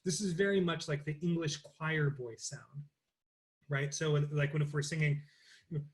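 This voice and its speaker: A young man leads a voice lesson, explaining resonance in loose, halting bursts and breaking into sung exercises. His speaking voice sits a little high for a man. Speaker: voice teacher. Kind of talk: interactive online voice lesson.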